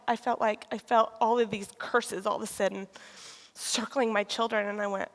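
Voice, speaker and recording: A woman, sharing a candid personal testimony with pauses and restarts. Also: a little high, flat delivery. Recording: long reverb of a large hall.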